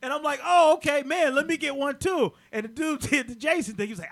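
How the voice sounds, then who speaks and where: A man's voice: a little fast, gravelly, hardly any pauses. A man telling a comic story in a podcast chat, laughing, swearing and acting out other people's voices. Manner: loud laughing delivery with sudden pitch jumps. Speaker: comedian guest.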